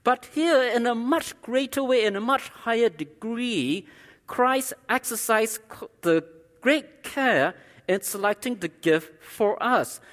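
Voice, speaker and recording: A man's voice: very high voice, slow pace, fairly bright tone, long reverb tail. A man preaching a sermon as pastor, emphatic, repeating key lines for stress.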